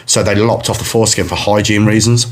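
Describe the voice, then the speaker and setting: A man's voice: fairly low pitch, steady tone, fast talker. Casting: young male comedian, loose rambling storyteller. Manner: rambling, laughs often. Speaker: comedian and podcast host. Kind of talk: casual storytelling chat.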